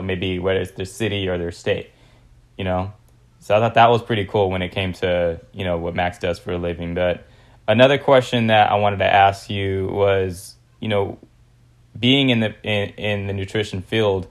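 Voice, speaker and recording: A young man from California hosting a casual podcast interview, laid-back and slangy with lots of fillers. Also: on the low side. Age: young adult. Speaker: podcast host.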